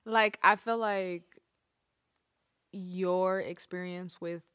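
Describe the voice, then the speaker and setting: A woman's voice: lowish voice, fairly even intonation, drawn-out words, a bit bright, smooth, dry recording, studio quality. A woman in casual conversation, an attentive listener who answers with frequent short backchannels. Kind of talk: casual chat.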